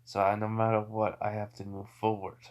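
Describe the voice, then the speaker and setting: A fearless, calm teenage demon slayer who speaks in a flat, offhand way, read by a man in his ordinary speaking voice. He sounds matter-of-fact even when he threatens. This is a casual homemade fan story. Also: fairly low pitch, brisk, lightly acted. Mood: determined.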